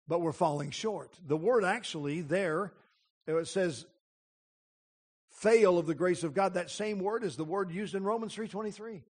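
A middle-aged man preaching a sermon, deliberate and emphatic, repeating phrases for weight. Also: sits high, a little mellow.

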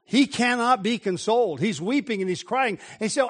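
A man preaching a morning sermon, telling scripture stories dramatically and slowing down to stress key words. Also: expressive. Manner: dramatic storytelling, slowing and dropping low for emphasis.

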